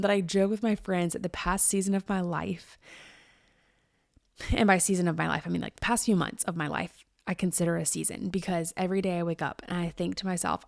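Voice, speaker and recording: Chatty woman podcast host with gravelly edge. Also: lowish voice, fairly even intonation, brisk, dry recording, studio quality. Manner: chatty and emphatic, laughs often. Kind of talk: candid casual monologue.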